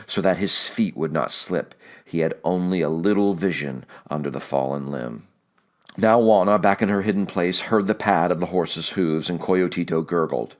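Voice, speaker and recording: A man reading a novel aloud as an audiobook narrator, measured and steady. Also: sits low.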